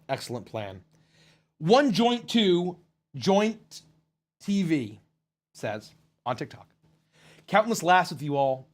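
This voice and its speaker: Male stream host with a high voice, casual and profane, joking through viewer messages.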